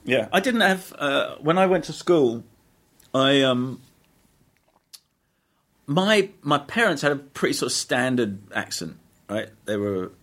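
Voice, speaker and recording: A man's voice: mid-range voice, animated, unhurried, fairly bright tone. A middle-aged man, an actor telling stories in a casual interview, rambling with restarts and frequent laughs. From England. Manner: rambling, self-correcting, laughs often. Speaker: actor, guest.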